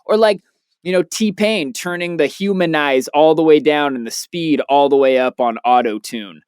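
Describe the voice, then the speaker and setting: A young man co-hosting a podcast in casual chat, telling stories loosely and excitedly with plenty of swearing. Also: fairly high pitch, moderate pace, clean tone, no echo, studio quality. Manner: loose, profane, excitable storyteller. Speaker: podcast co-host, DJ.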